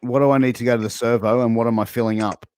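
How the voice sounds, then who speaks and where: Aussie guy hosting a chat, jokey, drops f-bombs, normal pitch, video call. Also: steady tone, rapid-fire, a little mellow, slight background noise. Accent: Australian. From Australia. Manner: playful, swears casually. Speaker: host. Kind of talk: casual interview game.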